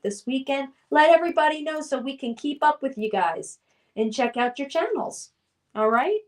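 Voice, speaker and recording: High-voiced woman streamer reading chat. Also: distant mic. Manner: reads viewer comments aloud, chatty and upbeat, hums filler tunes. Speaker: livestream host reading chat. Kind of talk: casual live-stream chat.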